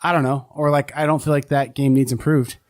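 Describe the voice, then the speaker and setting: A man's voice: medium pitch, steady tone, a little fast. A man co-hosting a board game podcast in casual chat, rambling and hedging with a self-deprecating tone. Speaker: podcast co-host.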